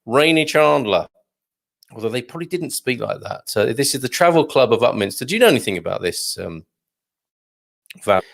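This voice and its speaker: A middle-aged man with a gravelly, fry-touched voice hosts a casual live morning show. He reads out viewer comments in a chatty, joking way and chuckles as he goes. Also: medium pitch, animated, brisk, long pauses, a bit bright. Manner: chatty and jokey, tells corny dad jokes, chuckles often. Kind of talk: casual live-stream chat.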